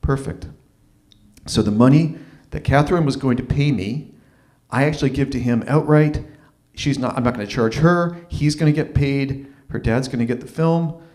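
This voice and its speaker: A man's voice: mid-range voice, normal speed. Man telling a personal story at an open mic. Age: 30s. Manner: animated, acts out quoted voices. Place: live open mic venue.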